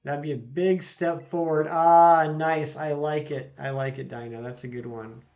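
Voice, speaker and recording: A man's voice: fairly high pitch, fairly even intonation, measured pace, a little mellow, highs cut off. A man running a casual live stream, reading out jokes from chat and greeting viewers by name as he plays.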